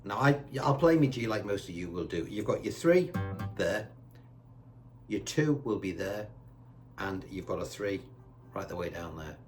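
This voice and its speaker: A man's voice: on the low side, a little hiss or hum. Man teaching guitar, counting beats. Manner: chatty and patient, counts beats slowly and loudly. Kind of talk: guitar lesson, counting beats while playing. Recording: loud guitar under the voice. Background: guitar playing.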